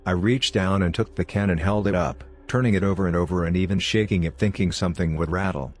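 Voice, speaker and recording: A man narrating a horror story in a steady, confessional telling. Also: low-pitched, fast talker, soft background music.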